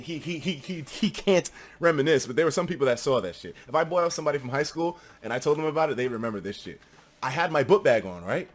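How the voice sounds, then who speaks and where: A young man streaming, telling a story casually, animated and full of swearing, dropping to mutters and then bursting out loud. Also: medium pitch, slightly rough.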